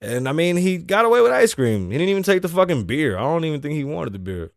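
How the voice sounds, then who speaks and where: A man's voice: medium pitch, sing-song, fast, creaky, few pauses, no room sound, clean studio sound. A man hosting his show, telling a casual, profane story time with lots of laughing. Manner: laughs often between lines. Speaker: host.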